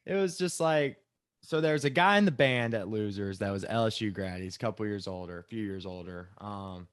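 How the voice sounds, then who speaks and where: A man, a former pro quarterback, telling stories in a relaxed, wry way on a podcast, acting out what others said. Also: lowish voice, normal speed, clean tone, no echo, studio quality. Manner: laid-back, wry storyteller, acts out quotes. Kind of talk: casual storytelling interview.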